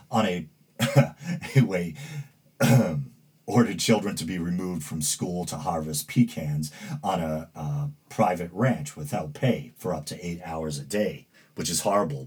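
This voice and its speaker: Male podcast host, New England accent, deep and extremely clear voice, rambling, hesitant delivery. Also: a little mellow. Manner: rambling, hesitant, with many fillers and self-corrections. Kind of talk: casual commentary, reading news aloud.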